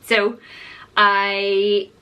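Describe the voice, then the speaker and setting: A woman's voice: medium pitch, completely flat delivery, very slow, smooth, lo-fi sound. Chatty woman vlogging candidly. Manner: chatty, rambling, open and confessional. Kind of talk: candid personal vlog.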